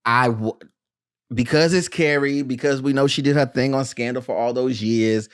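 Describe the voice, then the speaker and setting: Joking podcast host riffing on a movie, mid pitch, dry close sound. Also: clear, resonant tone, no echo. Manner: animated, joking, quick asides. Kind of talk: casual film review chat.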